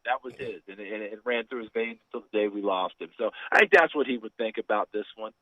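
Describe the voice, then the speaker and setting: A man's voice: lowish voice, quick pace, no echo. A man calling in to a radio show, speaking in a heartfelt, emphatic way about a former coach. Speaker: caller, former player. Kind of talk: radio call-in. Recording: tinny phone line, dry.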